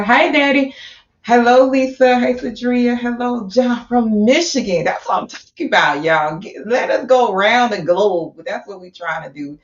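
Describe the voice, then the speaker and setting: Upbeat woman hosting an echoey livestream. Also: sits low. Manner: upbeat and animated, repeats herself for emphasis. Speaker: talk show host. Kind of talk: live-streamed talk show hosting. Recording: echoey room, distant from mic, dull sound.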